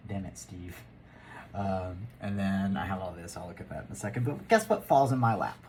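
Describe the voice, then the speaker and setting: A man's voice: low voice, lively intonation, moderate pace, a little mellow, a little hiss or hum. A man giving a rambling, casual tarot reading, laughing and muttering asides to himself. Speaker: tarot reader.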